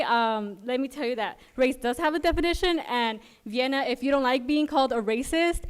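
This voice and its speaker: A woman's voice: high-pitched, clean tone. A young woman from Southern California, a doctoral student, speaking assertively and sarcastically at a council podium, with frequent "um"s. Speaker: doctoral student giving public comment. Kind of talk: public comment speech. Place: city council chamber.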